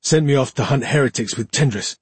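A man voicing a drunken, bitter older male tracker who slurs and grumbles, with a very husky voice. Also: mid-range voice, brisk, no room sound, voice pushed up. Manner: slurred, grumbling.

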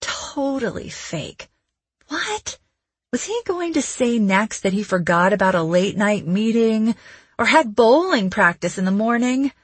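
A woman's voice: a little high, sing-song, measured pace, slightly rough, dry recording. A woman narrating first-person fiction in a wry, conversational way. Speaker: audiobook narrator.

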